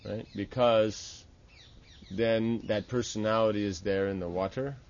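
A man's voice: lowish voice, fairly even intonation, a little slow, dull audio, slight background noise. A man teaching the steps of a temple worship ritual, explaining patiently and often checking with "right?". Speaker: religious teacher. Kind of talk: instructional talk on temple worship.

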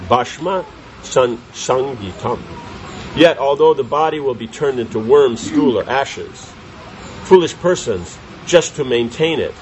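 A man leads a scripture class as a spiritual teacher, reading out commentary and unpacking it with rhetorical questions aimed at his audience. His voice is mid-range and darkish, and the poor recording has slight background noise.

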